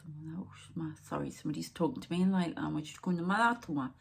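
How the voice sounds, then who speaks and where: A middle-aged woman, a psychic medium rambling through a spiritual channelling monologue that drifts into hushed whispered asides. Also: low voice, fast, vocal fry, a little hiss or hum.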